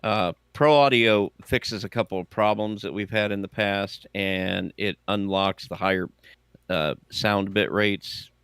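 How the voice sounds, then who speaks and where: A man from the United States hosting a casual livestream chat, rambling and halting with many fillers. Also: lowish voice, fairly bright tone, clean tone, no echo, clean studio sound. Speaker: podcast host.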